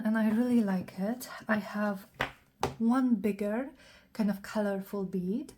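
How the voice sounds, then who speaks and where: A woman hosting a casual crafting tutorial, thinking aloud in a scratchy, slightly hoarse voice and often clearing her throat. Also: medium pitch, steady tone, unhurried, dark tone. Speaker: craft channel host.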